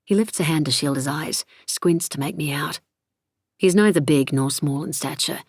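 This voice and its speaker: A woman narrating a novel in the first person, measured and reflective, recorded close in a studio. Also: low-pitched, breathy edge, no echo. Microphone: close studio mic.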